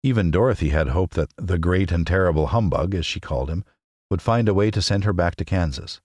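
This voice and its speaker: A man with a very deep voice reads a classic story with lively, expressive intonation. The recording is dry and close, with no room sound. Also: brisk, no room sound. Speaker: podcast narrator. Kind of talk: audiobook narration.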